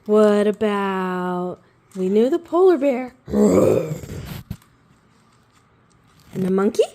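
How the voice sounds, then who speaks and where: A woman's voice: mid-range voice, drawn-out words. A young woman playing with her toddler at home, talking in a sing-song baby-talk voice full of gasps and praise. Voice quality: bright, animated parent voice with gasps and laughs.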